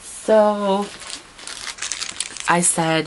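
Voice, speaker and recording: A woman's voice: lowish voice, fairly even intonation, moderate pace, noisy background. A young woman, telling a long personal story to the camera in a chatty, dramatic way with wry asides. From Toronto, Canada. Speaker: vlogger. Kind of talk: casual storytelling monologue.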